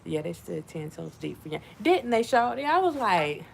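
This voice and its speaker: A woman giving casual commentary to her viewers, animated and repetitive, talking to them as y'all. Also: medium pitch, normal speed, gravelly, slight background noise. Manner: animated, repeats herself, addresses viewers as y'all. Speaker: channel host.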